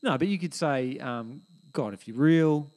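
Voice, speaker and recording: A man's voice: mid-range voice, unhurried, darkish tone. An Australian man co-hosting a casual chat, easygoing and reassuring. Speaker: podcast co-host.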